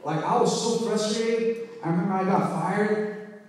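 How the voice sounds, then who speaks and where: A man preaches a personal testimony in a loose, conversational way, pausing to ask the congregation "right?". His voice sits high and warm. It carries from a distance through a big, echoing church hall. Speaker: church speaker sharing testimony. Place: church sanctuary. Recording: echoey hall heard from far off.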